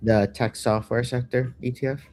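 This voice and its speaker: A man joining a live trading chat, joking and talking about his trades in an animated way. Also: medium pitch, normal speed, a little hiss or hum.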